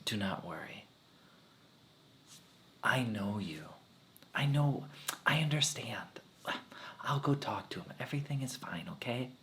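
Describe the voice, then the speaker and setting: A man imitating his gentle, calm spiritual teacher, speaking in a soft, hushed and reassuring way. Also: lowish voice, slow, long pauses, slight background noise. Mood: soothing.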